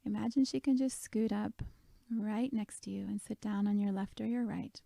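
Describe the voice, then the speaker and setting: A woman leading a guided meditation, speaking softly and gently, often half-whispered. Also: medium pitch, fairly even intonation, moderate pace, gravelly, no echo.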